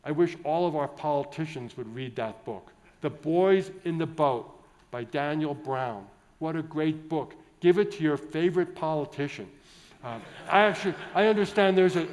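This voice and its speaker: A priest gives a keynote talk to a large conference hall. He sounds chatty and jovial, wanders into asides and restarts his sentences often. His voice sits a little higher than most men's. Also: darkish tone. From United States. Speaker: Catholic priest, keynote speaker.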